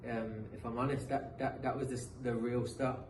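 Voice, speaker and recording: A man's voice: mid-range voice, little pitch movement, normal speed, distant mic. A man in his thirties with a British accent that carries some American sounds. He tells his story in loose, rambling runs, restarting and repeating words. The room is echoey, he sits back from the mic, and there is faint noise behind him. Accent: British English, mixed with some American. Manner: rambling, repeats himself, frequent um and uh. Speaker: guest, professional footballer. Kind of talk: casual podcast storytelling.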